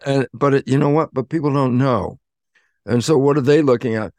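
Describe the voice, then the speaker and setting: A man, a guest in an interview, explaining in an animated way and acting out bits of dialogue. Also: medium pitch, fairly quick, dry recording, studio quality. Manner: animated, acts out dialogue in quotes. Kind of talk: conversational explaining.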